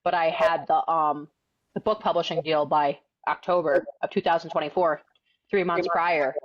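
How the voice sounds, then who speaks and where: Blunt, fast-talking young woman. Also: low-pitched, no echo, highs cut off. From New England. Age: 20s. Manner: blunt, outspoken, slangy and quick. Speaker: firefighter and author, podcast guest. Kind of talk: casual interview storytelling.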